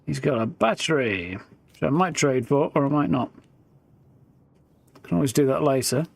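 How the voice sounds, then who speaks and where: A man's voice: medium pitch, moderate pace, creaky. A man giving casual, rambling live gameplay commentary, thinking aloud. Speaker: streamer.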